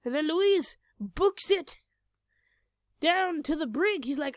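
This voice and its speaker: A woman's voice: high-pitched, animated, slow, dry recording. A young woman casually retelling a tabletop game session with rambling, self-mocking, crude humor, recorded on a cheap home microphone. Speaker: storyteller recounting a tabletop game. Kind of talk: casual narrated storytelling.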